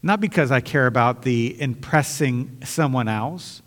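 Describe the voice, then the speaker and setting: A man's voice: mid-range voice, measured pace, a bit bright, long reverb tail. A man preaching a sermon as pastor, earnest and conversational, often restarting his sentences.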